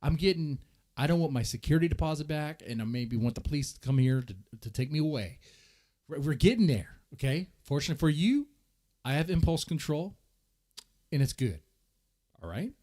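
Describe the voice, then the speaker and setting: A man hosts a drama commentary with a slightly high, very lively voice that swings all over. He rants at his audience, profane and exasperated. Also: brisk. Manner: animated, profane, exasperated ranting. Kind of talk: ranting commentary over clips.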